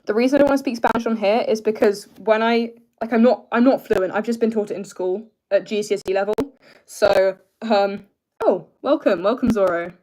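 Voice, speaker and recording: A young man with a British accent, chatting casually on a live stream and answering viewers, hesitant with many fillers as he tries to keep his voice low. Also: darkish tone. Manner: hesitant, filler-heavy, deliberately lowering his pitch.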